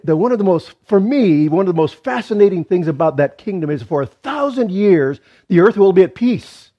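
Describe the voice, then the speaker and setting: A male pastor delivering a sermon in a casual, chatty way, often breaking off for a joke or restarting a phrase. His voice sits a bit high. The recording sounds muffled and lo-fi. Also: husky. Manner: conversational, with joking asides and restarts. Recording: dull lo-fi recording.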